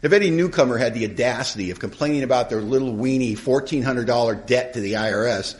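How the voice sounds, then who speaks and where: A middle-aged man telling his recovery story to a live conference audience, in a humorous, colloquial, animated way. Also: medium pitch, fast talker. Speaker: AA speaker.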